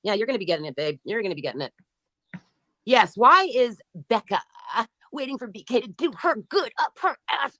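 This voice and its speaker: A woman's voice: on the high side, expressive, fairly quick, bright, forceful tone, no room sound. A woman hosting a livestream who reads out chat comments and answers them in a mocking, profane and taunting way. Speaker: livestream host.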